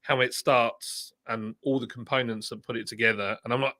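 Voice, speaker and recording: A man's voice: mid-range voice, steady tone, normal speed, hardly any pauses, pushed and bright, no echo, studio quality. A man hosting a casual livestream chat, talking bluntly and laughing often. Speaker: livestream host, former brewery boss.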